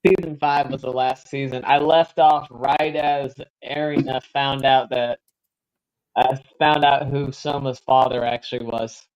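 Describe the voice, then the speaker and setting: A man's voice: mid-range voice, flat delivery, measured pace, clean tone, lo-fi sound. A man co-hosting a livestream, chatting casually while gaming and telling rambling anecdotes with cautious recommendations. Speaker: livestream co-host.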